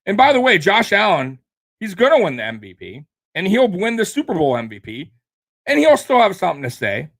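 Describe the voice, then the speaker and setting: Heated guy ranting on his sports show, kinda high voice, lots of ums and cussing. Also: huge pitch swings, moderate pace, gravelly, fairly bright tone. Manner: heated, profane rant with fillers and restarts.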